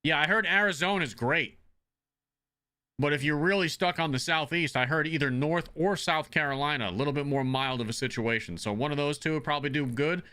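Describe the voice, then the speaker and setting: A man's voice: fairly high pitch, brisk, pushed and bright, smooth. A man originally from the Northeastern US chatting casually while streaming a game, blunt and profane and prone to rambling.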